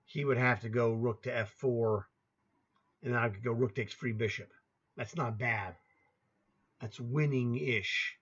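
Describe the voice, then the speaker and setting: A man in his sixties gives a chatty chess lesson by screen share on a laptop, naming each square aloud and occasionally grumbling to himself. He speaks at a measured pace with frequent pauses, in a mid-range, fairly bright voice with a breathy edge, and the audio is dull.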